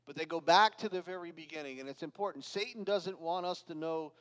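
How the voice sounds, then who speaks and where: Man, pastor, sermon, high pitch, emphatic, conversational asides, long hall reverb. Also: fairly quick, a bit bright, clean tone. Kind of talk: expository sermon.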